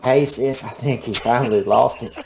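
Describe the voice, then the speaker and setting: A man's voice: mid-range voice, normal speed, creaky, a little mellow, faint music behind, pitched above the performer's own voice, close to an everyday voice. A man voicing a sugary-sweet woman passenger on a bus, placating and polite. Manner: syrupy, placating.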